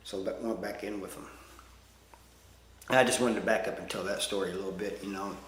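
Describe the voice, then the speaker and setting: A man's voice: low-pitched, fairly even intonation, brisk, fairly bright tone, roomy sound, long reverb tail. A man telling stories in a casual, rambling way, plain-spoken and self-deprecating, with lots of "you know" fillers. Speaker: storyteller. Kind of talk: casual storytelling.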